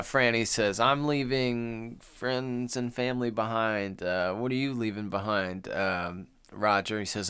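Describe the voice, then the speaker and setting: A man's voice: on the low side, a bit bright, clean tone. A man co-hosting a horror movie podcast, chatting casually, laughing often and acting out lines in playful voices. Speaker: podcast co-host. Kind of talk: casual chat.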